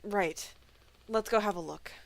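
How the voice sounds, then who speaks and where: A woman voicing a stern, tense male co-pilot who talks in a clipped, forceful way. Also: medium pitch, a little slow, gravelly.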